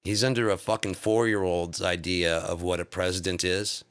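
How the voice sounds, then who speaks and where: A man's voice: low voice, flat delivery, moderate pace, a bit bright, clear, resonant tone. A man on a live stream delivering an angry, profane political rant full of insults.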